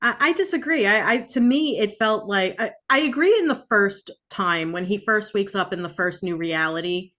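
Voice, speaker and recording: A woman co-hosting a book podcast, talking in a thoughtful, measured casual way with hesitant restarts. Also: medium pitch, pushed and bright. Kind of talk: casual chat.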